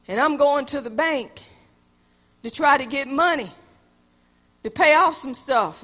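Woman preacher, passionate sermon delivery, loud to hushed, bright tone, reverberant hall. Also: high voice. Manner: passionate, swinging between loud exhortation and hushed intensity.

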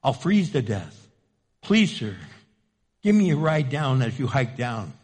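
A sly snake with a sunken, quiet voice that begs softly and wheedles to get its way, put on by a man telling a parable. It sounds lower and more hushed than its teller's usual speech. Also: big pitch swings, a little slow, husky, big-room sound. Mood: pleading.

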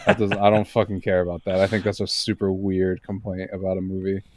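A man's voice: sits low, completely flat delivery, fairly quick, a little mellow, a little hiss or hum. A young man co-hosting a podcast, talking casually and bluntly, with some swearing. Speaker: podcast co-host. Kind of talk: casual chat.

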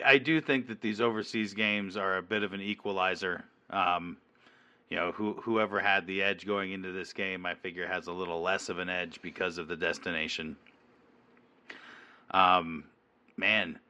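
Male co-host, very deep voice with a bright, forceful edge, hesitant delivery. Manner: hesitant, many ums and uhs. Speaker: co-host of a fantasy football show. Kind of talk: casual sports chat.

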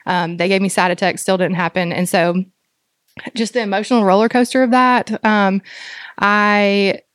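A woman's voice: medium pitch, steady tone, fairly bright tone, dry recording, studio quality. Earnest woman telling a personal story. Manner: earnest, halting with many fillers. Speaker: podcast guest, doula. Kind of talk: conversational interview.

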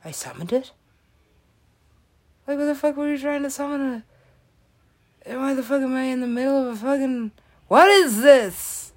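A woman's voice: sits high, expressive, moderate pace, long pauses. A woman rambling through a comedic commentary, swearing and giggling often.

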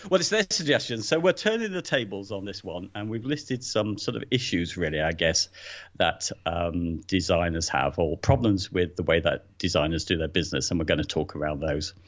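Low-voiced man, dull sound. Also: expressive, normal speed. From England. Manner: hesitant, repeats words when starting. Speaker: podcast co-host. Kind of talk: casual podcast chat.

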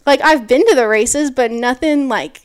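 High-voiced young woman telling a story. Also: moderate pace, clean tone. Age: early 20s. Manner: animated, lots of "like", acts out quotes. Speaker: mountain bike racer guest. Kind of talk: casual interview storytelling.

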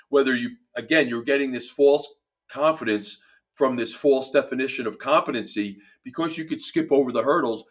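A man's voice: mid-range voice, a bit bright. A man with a New Jersey accent, a performance coach talking emphatically in a casual podcast chat, often restarting his phrases.

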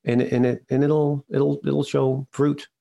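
An older man telling a personal story in an interview, earnest and halting, often restarting his sentences. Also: medium pitch, level tone, creaky, dark tone. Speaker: regular podcast host, interviewed guest.

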